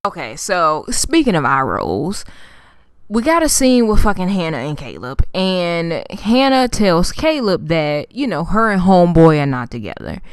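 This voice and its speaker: Female vlogger, profane animated recap; low, smooth tone. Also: a little slow, no room sound, studio quality. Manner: animated storytelling, heavy swearing, slangy. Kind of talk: casual profane TV episode recap.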